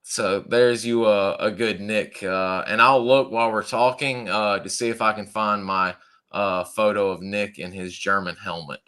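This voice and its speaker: A man's voice: fairly low pitch, steady tone, unhurried, fairly bright tone, clear, resonant tone. A man hosting a podcast, chatting with lots of fillers. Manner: chatty, uses fillers and southern "y'all". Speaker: podcast host. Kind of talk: casual chat.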